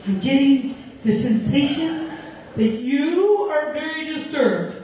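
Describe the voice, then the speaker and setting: A woman voicing a fake psychic woman, speaking in a slow, drawn-out, mock-mystical way. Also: very high-pitched, animated, darkish tone, slight background noise, pitched above the performer's own voice. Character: fake psychic woman, smooth, soothing, theatrical. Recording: very echoey room, voice far from mic.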